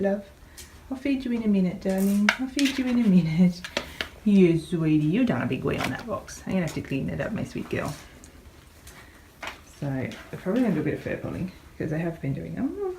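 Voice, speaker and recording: A woman vlogging at home, talking gently to her dog and rabbits in a coaxing voice that often rises into a soft high baby voice. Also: noisy background. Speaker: pet vlogger. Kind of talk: casual vlog talk to pets. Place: home room with pets.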